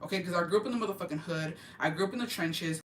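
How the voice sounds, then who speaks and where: A woman's voice: on the low side, very fast, far from the mic. A woman gossips to her viewers in a loose, profane, emphatic storytelling voice, slipping Spanish phrases into her English. She sits back from the mic in a roomy, echoing space. A faint hum of ambient noise runs underneath. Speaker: vlogger.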